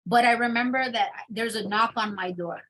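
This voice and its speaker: A woman's voice: a little high, normal speed, fairly bright tone, rough recording. Woman telling her testimony, chatty. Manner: candid storytelling with many fillers. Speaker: interview guest. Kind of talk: personal testimony.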